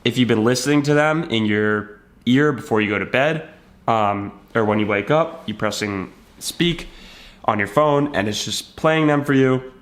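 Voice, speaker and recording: Here a man with medium pitch and a slightly bright sound speaks at a moderate pace. He makes self-help videos and gives a relaxed motivational talk to camera, narrating a story and performing snippets of dialogue as he goes.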